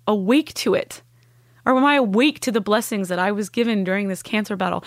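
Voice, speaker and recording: A woman's voice: no room sound, clean studio sound. Earnest woman telling a heartfelt story. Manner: earnest and heartfelt, speaks with deep conviction. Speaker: podcast guest. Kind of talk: emotional personal storytelling.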